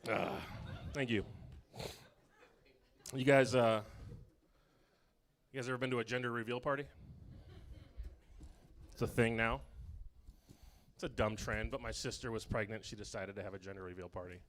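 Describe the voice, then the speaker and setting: A man doing a stand-up comedy set in a club, delivering dark punchlines in a deadpan way. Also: medium pitch, moderate pace, pauses often.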